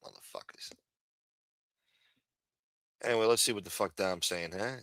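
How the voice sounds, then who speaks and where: A crude, sarcastic livestream host from New rambles through his rants. His tone is sharp and bright, and his voice sounds close and dry. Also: low-pitched, lively intonation, moderate pace, creaky, dry recording. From New York. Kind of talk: profane ranting livestream chat.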